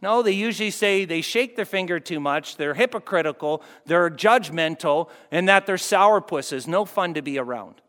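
A man preaching a sermon as pastor, moving between loud fervent peaks and hushed, soft passages. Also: high-pitched, animated, normal speed, hardly any pauses. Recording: long hall reverb.

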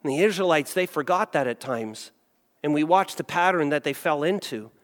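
Guy preaching, high voice, lots of reverb, acts out the story bits. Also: normal speed. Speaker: pastor. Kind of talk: sermon.

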